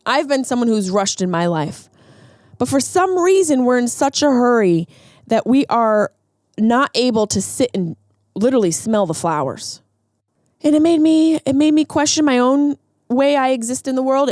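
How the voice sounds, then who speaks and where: A woman's voice: fairly high pitch, a little mellow, no echo, clean studio sound. A woman podcast host in a comedic monologue, ranting animatedly with rhetorical questions.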